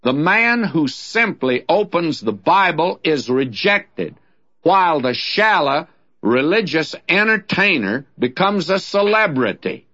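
A man's voice: on the high side, fairly bright tone. A man teaching the Bible on a radio program, talking in a folksy, plainspoken and conversational way. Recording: dull lo-fi radio recording.

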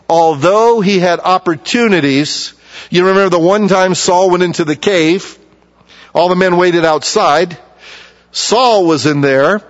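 A man delivers a sermon, moving between reading scripture and explaining it in plain, emphatic asides. His voice sits a little high for a man. The recording is dull and lo-fi, with a long reverb trailing off in a large hall. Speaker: preacher.

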